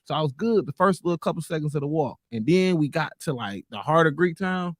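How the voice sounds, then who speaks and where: A man's voice: a little high, brisk, dry recording. A man with a slightly raised voice is recounting a wild night to his co-host. He jumps into the voices of the people he met and swears freely. The sound is close and dry, with no room around it. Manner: animated storyteller acting out quotes, profane slang. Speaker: podcast co-host. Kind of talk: casual storytelling chat.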